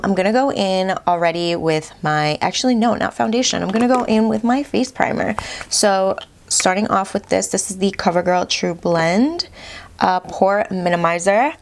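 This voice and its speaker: A woman's voice: mid-range voice, expressive, moderate pace, creaky. A woman, chatting bubbly through a makeup routine as a beauty vlogger. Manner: bubbly, keeps saying "you guys". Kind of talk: chatty get-ready-with-me makeup talk.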